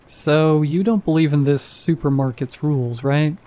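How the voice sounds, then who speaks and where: A man voicing an apathetic male night security guard who speaks in a flat, bored monotone. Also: a little high, moderate pace, natural voice. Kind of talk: horror story narration.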